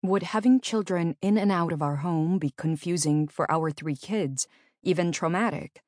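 A middle-aged woman narrating her own memoir in an earnest, measured storytelling manner. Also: on the low side, a little mellow, no echo, clean studio sound.

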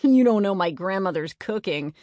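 A woman's voice: mid-range voice, expressive, normal speed, a little mellow, dry recording, studio quality, close to an everyday voice. A woman voicing a grumpy, sarcastic young boy who whines and mutters in a children's storybook. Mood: grumbling. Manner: whiny, sarcastic.

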